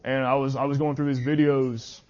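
A man's voice: mid-range voice, level tone, a little mellow. Earnest young preacher man, muffled audio. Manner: earnest, reads scripture slowly, trips over words. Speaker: youth preacher. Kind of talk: sermon with scripture reading.

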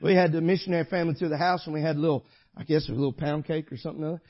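Husky preacher, high voice. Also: male voice, steady tone, rapid-fire, highs cut off. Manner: preaching, swings from shouting to quiet storytelling. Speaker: pastor. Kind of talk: sermon.

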